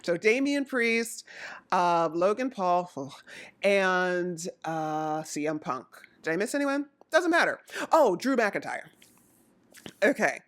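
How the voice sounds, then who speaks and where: A woman from Jamaica chatting casually about wrestling, rambling and excitable as she jumps from topic to topic. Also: fairly low pitch, slow. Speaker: wrestling recap vlogger. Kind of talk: casual chat.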